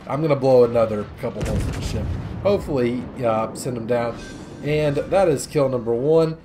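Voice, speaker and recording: A man's voice: mid-range voice, fairly quick. Young man joking through gameplay commentary. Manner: joking, rambling, sarcastic asides. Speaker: gaming commentator.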